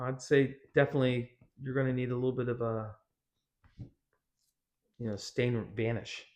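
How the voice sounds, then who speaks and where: A man's voice: medium pitch, a little mellow. A man pastor teaching a casual Bible study, conversational with joking, sarcastic asides.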